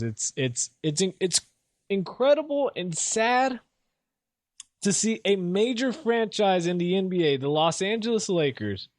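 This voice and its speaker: Young guy ranting about sports, rambly and jokey, high voice that jumps around a lot, dry close sound. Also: no room sound. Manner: casual, rambling, self-mocking, laughs often. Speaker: sports podcast host. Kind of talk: solo sports talk and rants.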